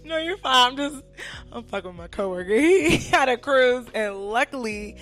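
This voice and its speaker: Brief: young woman host, slightly tipsy, loud and laughing, swears a lot, voice sits a little high, music faint behind. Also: animated, moderate pace. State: a little drunk. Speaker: podcast host. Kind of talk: casual chat.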